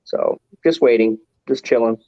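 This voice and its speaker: A man's voice: medium pitch, moderate pace, dark tone, no room sound. A man hosting a casual livestream chat, rambling along and chuckling often. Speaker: livestream host. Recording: dull, muffled stream audio.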